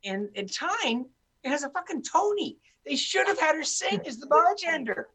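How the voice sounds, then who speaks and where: A woman's voice: sits high, sing-song, moderate pace, bright, forceful tone. Wry, salty-tongued older woman. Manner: candid, wry and profane. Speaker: guest actress. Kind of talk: casual chat. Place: at home in Florida.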